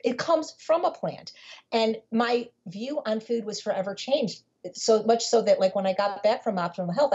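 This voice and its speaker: A woman talks as a guest on an interview podcast, her voice deeply husky and breathy with a mellow, dark warmth. She speaks emphatically and circles back on words as she drives a point home. The audio is dull and lo-fi. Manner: emphatic, repeats words when building a point. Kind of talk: conversational interview storytelling.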